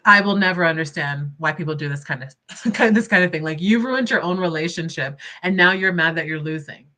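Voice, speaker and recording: A young woman hosting casual livestream commentary, expressive and indignant, laughing often between points. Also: deep voice, brisk. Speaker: commentary channel host.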